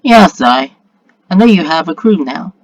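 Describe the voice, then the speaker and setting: A man voicing a kindly old king who speaks low, gentle and measured. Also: lively intonation, no echo, lo-fi sound.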